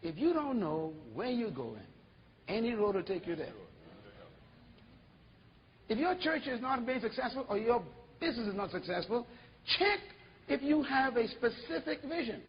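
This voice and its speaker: A man preaching an animated sermon as pastor, full of rhetorical questions. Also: very high voice, normal speed, pauses often, long reverb tail, highs cut off.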